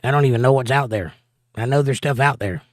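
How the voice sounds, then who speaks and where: A man's voice: mid-range voice, fast talker, dry recording. A male livestream host reading viewer comments aloud and answering them with dry, joking asides in a casual chat.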